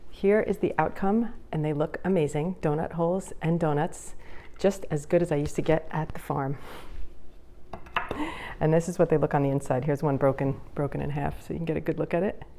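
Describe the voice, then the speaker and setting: A woman casually talking viewers through making a home recipe, chatty and easily excited as she goes. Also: low voice, fairly quick, slight background noise. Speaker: home cook vlogger. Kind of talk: casual cooking demonstration.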